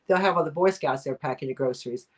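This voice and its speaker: A woman's voice: low-pitched, fast. Chatty rambling woman hosting a stream. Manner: rambling, chatty, lots of fillers and laughter. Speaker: host of a live chat show. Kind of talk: casual live-stream chat, reading comments.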